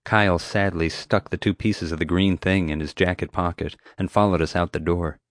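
A man narrating an audiobook in a steady, clear storytelling manner on a close mic. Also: sits low, normal speed, dry recording.

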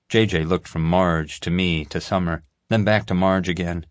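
A man reading a story aloud as an audiobook narrator, steady and clear. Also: deep voice, normal speed, no room sound, studio quality. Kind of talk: scripted narration.

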